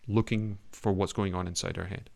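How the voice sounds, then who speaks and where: A British man, an acting coach, critiquing a student's scene with animated, emphatic talk and acted-out examples. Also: sits low, fairly quick, creaky. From Britain. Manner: animated, emphatic, demonstrates lines.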